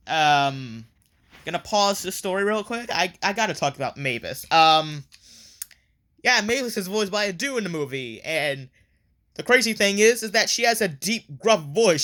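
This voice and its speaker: A man's voice: fairly high pitch, fairly bright tone. A man giving a casual, rambling plot recap review, full of frequent ums and offhand, wry asides. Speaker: video reviewer.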